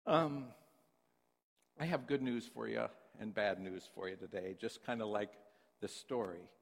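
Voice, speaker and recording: A man preaching a sermon, telling a story in an animated, conversational way. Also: fairly low pitch, normal speed, creaky. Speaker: pastor. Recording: long reverb in a big hall.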